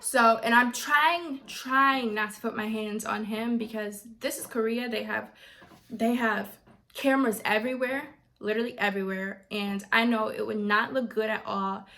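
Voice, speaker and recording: A young adult woman vlogger telling a story in a casual, animated way and acting out what others said. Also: a little high, normal speed. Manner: animated, quotes others in voices.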